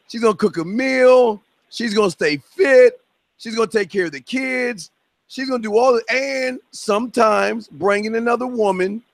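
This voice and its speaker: Preachy high-voiced male podcast host. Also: a bit bright, no echo. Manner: preachy, lecturing, drawn-out emphatic words. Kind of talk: opinionated podcast lecture.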